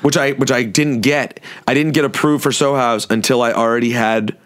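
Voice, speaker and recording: Fast-talking, animated man. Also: mid-range voice. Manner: animated, acts out voices in stories. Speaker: podcast guest, radio host. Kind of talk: casual chat.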